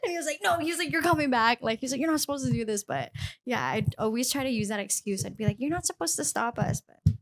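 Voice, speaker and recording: A woman's voice: fairly high pitch, animated, quick pace. A young woman co-hosting a podcast who tells stories playfully and giggles through them. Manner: giggly, playful, acts out begging. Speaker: podcast co-host. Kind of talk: casual chat.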